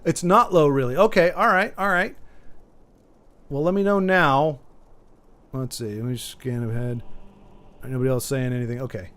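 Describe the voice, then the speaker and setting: A man's voice: mid-range voice, moderate pace, long pauses, fairly bright tone. A man streaming a video game, joking and rambling as he chats with his viewers. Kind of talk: casual gaming commentary. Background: faint game music.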